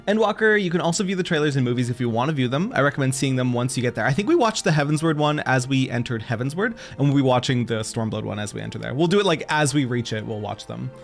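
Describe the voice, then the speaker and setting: A man streaming a game, chatting casually with his viewers in an excitable, gushing way. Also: medium pitch, fast talker, creaky, few pauses, soft background music. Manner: excitable, gushing, talks to chat.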